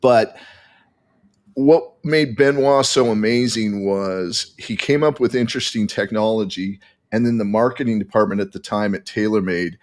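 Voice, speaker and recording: A man as a podcast guest, telling a story in animated casual chat with frequent restarts. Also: fairly low pitch, normal speed.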